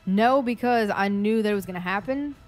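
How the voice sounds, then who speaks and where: A woman co-hosting a podcast in casual chat, telling stories in an animated, profane way. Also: mid-range voice, fairly quick, soft background music. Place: studio.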